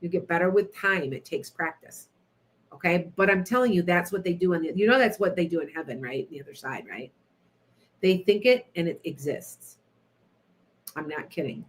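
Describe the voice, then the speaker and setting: A middle-aged woman hosting an internet radio show, telling stories in a chatty, animated way, laughing often and talking to listeners by name. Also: fairly low pitch, normal speed. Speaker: radio show host, psychic. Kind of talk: casual storytelling to listeners.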